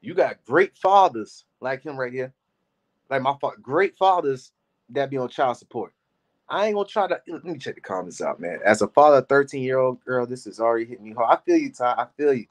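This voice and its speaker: A man's voice: mid-range voice, lively intonation, a little fast. A man hosting a live stream, reacting to a clip in a loose, slangy, chatty way. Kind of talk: casual live reaction commentary.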